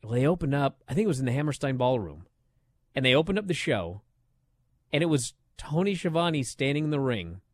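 A man co-hosting a sports talk radio show, excitably arguing his point and mimicking people as he tells the story. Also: mid-range voice, fairly quick, no room sound, clean studio sound.

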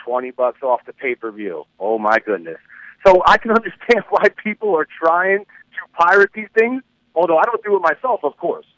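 Easygoing radio co-host, higher-pitched man. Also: very animated, moderate pace, a bit bright, no room sound, poor audio. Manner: conversational, weighs things out, easygoing. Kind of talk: radio talk show chat.

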